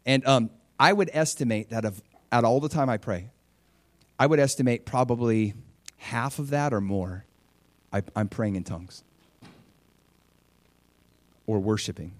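A middle-aged male pastor preaching a sermon, lively and conversational, with frequent stammering restarts. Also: mid-range voice, unhurried, pauses often, dry recording. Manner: animated, stammering restarts, acts out voices in stories.

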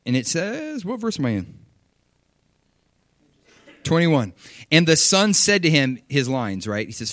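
Animated preacher man giving a sermon. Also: a little high, unhurried, long pauses, no room sound. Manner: animated, emphatic, reads scripture aloud and riffs on it.

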